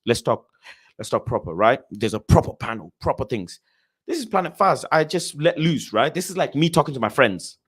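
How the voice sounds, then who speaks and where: A young man hosts a casual football live stream and reads viewer messages. He talks passionately, swinging between loud rants and low, muttered asides.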